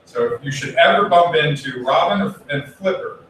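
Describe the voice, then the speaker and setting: A man delivers a casual Buddhist sermon, chatty and loose, acting out the voices of the people in his story. His voice sits a little high. It is picked up from a distance in a very reverberant temple hall with faint room noise underneath. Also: lively intonation, normal speed, fairly bright tone. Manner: chatty, acts out quoted voices, swears casually. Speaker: Buddhist minister. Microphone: distant room mic.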